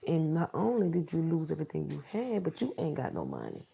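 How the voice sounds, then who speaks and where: A woman's voice: low-pitched, huge pitch swings, fairly quick, gravelly, dark tone, husky, lo-fi sound. A woman telling a personal story casually, in a blunt, emphatic, profane way.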